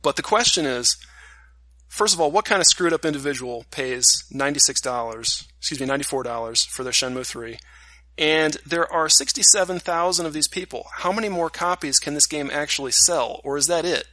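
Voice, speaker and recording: A man co-hosting a casual chat over a video call, steering the talk with wry, deadpan remarks. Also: fairly high pitch, brisk, no echo. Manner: wry, deadpan number-crunching. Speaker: podcast co-host.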